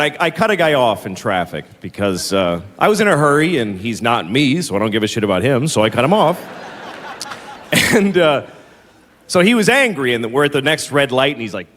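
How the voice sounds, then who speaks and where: A middle-aged man doing a stand-up comedy set on stage, with exasperated, mocking delivery and sudden high shouts. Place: large venue with a live audience. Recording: live hall recording with long reverb.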